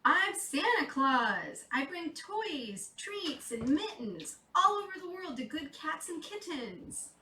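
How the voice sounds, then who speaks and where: A woman voicing an old Santa Claus in a storybook reading, speaking slowly and emphatically. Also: high voice, very animated, pushed and bright, reverberant, distant mic, a little hiss or hum, voice pushed up, full character voice, low-quality recording. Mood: indignant. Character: jolly old male Santa Claus, indignant then kindly.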